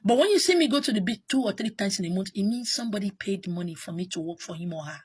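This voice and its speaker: A woman's voice: mid-range voice, lively intonation, fast, darkish tone, breathy edge. A woman with a Nigerian accent, a spiritual teacher talking in an exasperated, emphatic monologue that keeps circling back on itself. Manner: exasperated, emphatic, repeats herself. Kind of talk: casual monologue.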